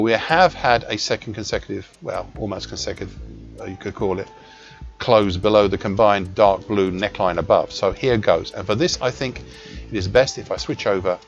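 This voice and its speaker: A man reading scripted market commentary as an analyst, measured and precise, with small self-corrections. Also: lowish voice, vocal fry. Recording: dull lo-fi recording with faint music.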